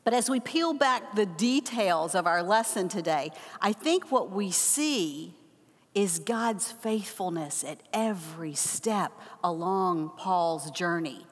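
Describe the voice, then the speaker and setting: An older woman teaching a Bible lesson, telling a personal story with animated acted-out quotes. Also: lowish voice, takes it slowly. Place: church hall. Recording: long hall reverb.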